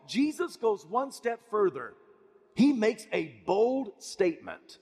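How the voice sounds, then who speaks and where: Male pastor, sermon delivery: breathy, husky tone, rises to pleading then drops to a hush, long hall reverb. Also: high-pitched, big pitch swings, slow pace. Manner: impassioned, swings from loud pleading to hushed tones.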